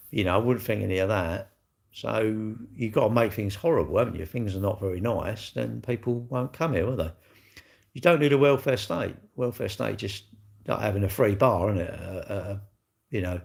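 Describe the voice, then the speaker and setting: With a creaky, medium-pitched voice, this man in his sixties chats his way through viewer comments on a live stream. His talk wanders, and he habitually finishes lines with tag questions.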